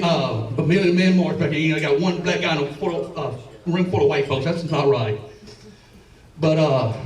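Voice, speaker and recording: A man with a Southern accent doing a stand-up set in a comedy club, rambling and stammering through restarts, swearing and chuckling at his own lines. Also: high voice. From Alabama and Tennessee. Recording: roomy club sound, from a distance.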